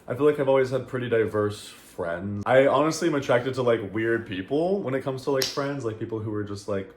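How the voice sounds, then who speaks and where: A young man vlogs candidly to camera in a mid-range, fairly quick voice, rambling with lots of fillers and casual swearing. The room is echoey, with faint noise.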